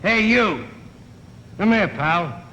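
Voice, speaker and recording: A man's voice: high voice, animated, takes it slowly, sharp tone, in a large hall, dull audio, slight background noise, heavily acted. A man playing a pushy, streetwise man who talks in slang and demands his money back, in an old television broadcast. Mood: indignant. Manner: slangy, pushy, ungrammatical tough talk.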